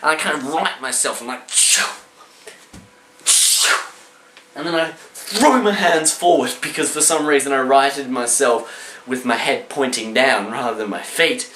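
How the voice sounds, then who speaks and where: A man tells a comic personal story, throwing in sound effects and shouted voices. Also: mid-range voice, unhurried, slight background noise. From Australia. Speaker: storyteller vlogger. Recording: roomy echo.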